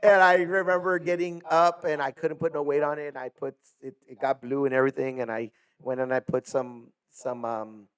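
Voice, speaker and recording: A man's voice: mid-range voice, flat delivery, moderate pace, hardly any pauses, clear, resonant tone. A man and coach telling long casual stories, rambling with lots of filler words. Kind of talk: casual storytelling.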